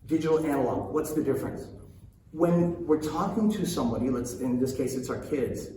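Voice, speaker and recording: A man's voice: medium pitch, expressive, fairly quick, dark tone, slight background noise. Earnest man in a very echoey room. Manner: earnest, repeats points, addresses listeners directly. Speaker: parenting coach. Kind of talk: casual talk to viewers. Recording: very echoey room, distant mic, faint ambience.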